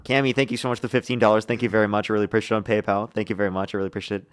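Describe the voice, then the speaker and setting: A man's voice: on the low side, level tone, smooth, no echo, clean studio sound. A man hosting a live online debate stream, reading out donations and pressing his guest with mocking questions. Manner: mocking, rapid-fire, laughs at opponent. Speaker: livestream debate host. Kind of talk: heated live debate and donation shout-outs.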